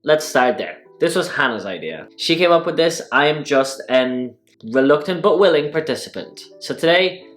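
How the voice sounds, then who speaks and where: A man hosting a casual eating vlog, talking through mouthfuls in a wry, sarcastic way. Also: medium pitch. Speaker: food vlogger. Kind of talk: casual mukbang vlog talk.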